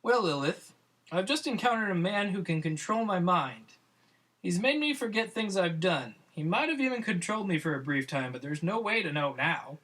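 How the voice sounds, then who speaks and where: Guy doing a confused monkey superhero, flustered and loud, bright high voice. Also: animated, moderate pace. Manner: flustered, exclaiming, trying to be polite. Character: dazed forgetful monkey superhero, male, bumbling.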